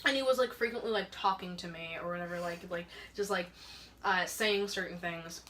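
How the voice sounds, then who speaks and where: Her voice on the low side and sharp in tone, a young woman talks fairly quickly as she relates a personal story on a casual podcast she co-hosts. She rambles, uses "like" heavily, and laughs a lot. Slight background noise can be heard.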